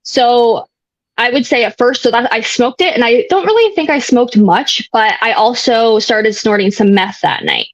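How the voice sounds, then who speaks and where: Her fairly high voice is animated and moderately paced as this young woman, a guest, tells the story of her recovery. It's casual and frank, full of fillers and occasional blunt cursing, captured in a dull, dry lo-fi recording with no room sound.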